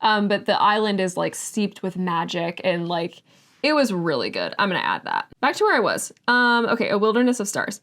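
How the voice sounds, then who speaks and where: A woman's voice: mid-range voice, very animated, moderate pace, a bit bright. A woman book vlogger chatting casually about her picks, filling her talk with "like" and "um" and gushing over books she loves. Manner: chatty, full of "like" and "um".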